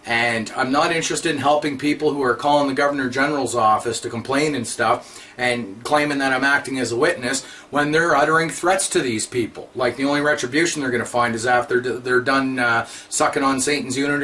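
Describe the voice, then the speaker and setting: A man's voice: mid-range voice, pushed and bright, a little hiss or hum. A man giving a blunt, repetitive, scolding monologue to his viewers. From Canada. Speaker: vlogger. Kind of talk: ranting monologue to camera.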